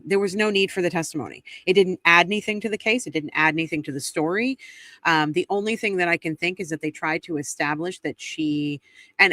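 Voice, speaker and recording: A woman's voice: fairly low pitch, pushed and bright, dry recording. A woman hosting a trial recap, talking bluntly and indignantly in casual commentary and swearing freely.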